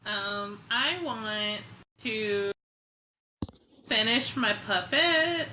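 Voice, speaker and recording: A woman's voice: medium pitch, drawn-out words, pushed and bright, slight background noise, poor audio. A woman player describing her plans in casual, hesitant chat.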